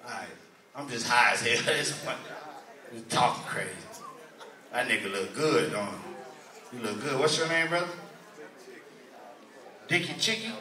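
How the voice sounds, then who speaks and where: Loud, profane stand-up comic in an echoey hall. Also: male voice, medium pitch, normal speed, long pauses. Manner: loud, profane, crowd-teasing. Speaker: stand-up comedian. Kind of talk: stand-up comedy, crowd work. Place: church hall venue. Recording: echoey hall, mic from far.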